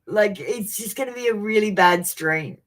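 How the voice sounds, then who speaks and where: Speaking at normal speed with a medium pitch, a woman gives a tarot reading on a webcam live stream. She is flustered and apologizes for her setup at first before moving into steady predictions.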